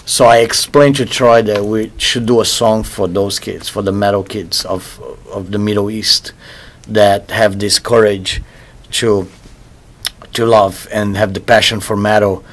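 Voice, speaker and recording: Musician interviewee, male, a bit low in pitch, loose and rambling. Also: fairly even intonation, measured pace. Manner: loose, rambling, repeats words while searching for them. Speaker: musician interviewed about his album. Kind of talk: casual interview talk.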